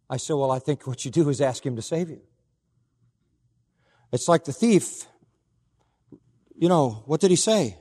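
A man preaching a sermon as pastor, telling a story earnestly and quoting others in a softer voice. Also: mid-range voice, expressive, normal speed, pauses often, big-room sound.

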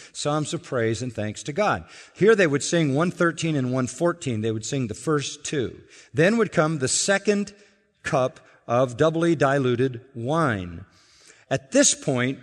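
A man preaching a sermon as pastor, earnest and explanatory, building to emphatic peaks and dropping low again. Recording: long reverb of a large hall.

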